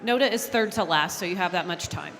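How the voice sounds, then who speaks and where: A woman chairing a large convention from the podium, keeping a noisy crowd in order with a firm, brisk manner. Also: fairly low pitch, lively intonation, fairly bright tone. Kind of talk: running a convention floor. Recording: long hall reverb.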